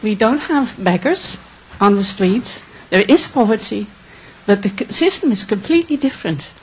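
A woman from the Netherlands, asking an earnest, emotional question at a conference Q&A with many halting restarts. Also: medium pitch, expressive, husky, poor audio. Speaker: audience member asking a question.

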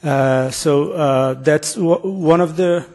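A fairly high-pitched man with a husky, breathy voice gives an academic presentation on his survey work. He speaks hesitantly, filling pauses with frequent filler sounds and restarting his sentences. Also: a little mellow. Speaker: researcher presenting a survey project.

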